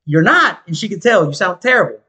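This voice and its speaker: A man's voice: high-pitched, brisk. A man telling a story in a casual chat, slangy and profane, acting out the voices of the people in it. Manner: animated, slangy and profane, acts out quoted voices. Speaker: podcast co-host telling a story.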